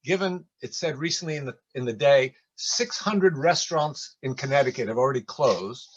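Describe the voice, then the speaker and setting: A man's voice: medium pitch, lively intonation, normal speed, muffled recording. An older man telling rambling, folksy stories in a casual community talk over a video call.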